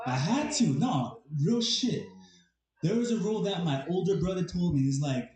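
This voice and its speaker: A man's voice: sits high, lively intonation, normal speed, distant mic. A man starting a stand-up set in a casual, slangy way. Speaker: stand-up comedian. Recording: echoey club room with crowd.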